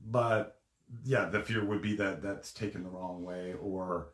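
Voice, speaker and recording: A man co-hosting a casual live talk, speaking haltingly with frequent restarts. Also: sits low, fairly even intonation, roomy sound. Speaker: co-host. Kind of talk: casual conversational live stream.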